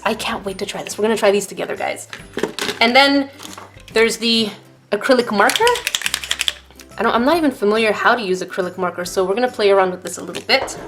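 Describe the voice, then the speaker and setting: A woman vlogger chatting casually to viewers while unboxing art supplies at her desk, gasping and exclaiming over each item. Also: medium pitch.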